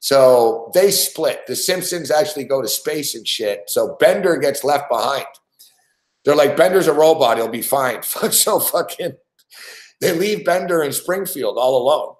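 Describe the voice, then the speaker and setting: A man co-hosting a sports betting talk show tells a story in loose casual chat. He swears freely and laughs between his lines. His voice sits a little high, and the room around him is echoey. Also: animated, unhurried.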